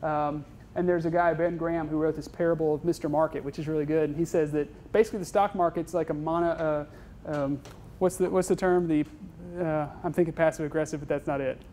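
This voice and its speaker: A man's voice: on the high side, steady tone, a little fast, warm tone, slight background noise. A man giving an informal university lecture on investing, chatty and self-deprecating, tagging his points with "right?" and "okay?". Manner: self-deprecating, joking asides. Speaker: guest speaker on investing.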